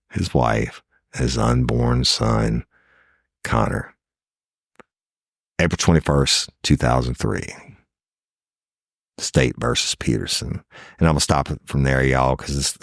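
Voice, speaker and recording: A man's voice: extremely low pitch, dry recording, studio quality. A middle-aged man hosting a true crime podcast, telling the case casually, swearing often and talking straight to his listeners in disbelief. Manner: profane, incredulous, talks straight to listeners.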